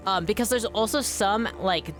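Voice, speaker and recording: A woman livestreams her play, talking casually in a mid-pitched voice. She rambles and swears, and now and then jumps into loud, excited bursts. Soft game music plays under her. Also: normal speed. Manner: rambling and chatty, swears freely, sudden excited outbursts. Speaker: streamer. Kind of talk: casual live gameplay chat.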